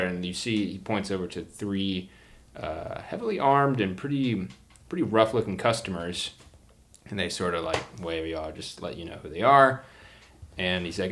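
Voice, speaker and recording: A man's voice: low-pitched, moderate pace, fairly bright tone. A man narrating a tabletop game as game master, casual and rambling, with lots of fillers.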